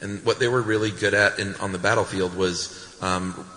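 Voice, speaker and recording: An American man co-hosting a podcast live on stage, telling a story with relaxed, laughing banter. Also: low voice, moderate pace. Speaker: podcast co-host. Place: large hall with live audience. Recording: echoey hall recording.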